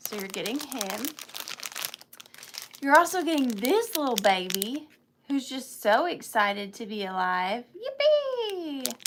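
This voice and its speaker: A woman's voice: a little high, lively intonation, unhurried, fairly bright tone, slight background noise. A woman hosting a live online sale of vintage items, chatting casually and gushing over each piece. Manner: chatty and gushing, calls items little cuties.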